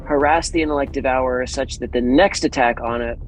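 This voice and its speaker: A man's voice: mid-range voice, fairly quick, soft background music, rough recording. A man playing a tabletop game, speaking hesitantly with many fillers. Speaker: player. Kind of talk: casual tabletop play.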